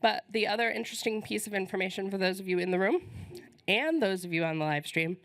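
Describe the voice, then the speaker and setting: A woman's voice: mid-range voice, quick pace, fairly bright tone, dry recording. A woman opens a conference on a stage microphone, her voice strained as she loses it. She talks in a friendly, informal way with frequent ums. The sound is dry and close. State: losing her voice. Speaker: conference host. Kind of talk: conference welcome announcements. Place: conference hall.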